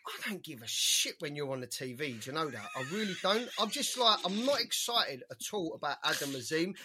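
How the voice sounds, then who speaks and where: Guy on a boxing podcast, high bright voice, a bit husky, fires off opinions fast. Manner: animated, opinionated, rattles off names. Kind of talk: casual chat.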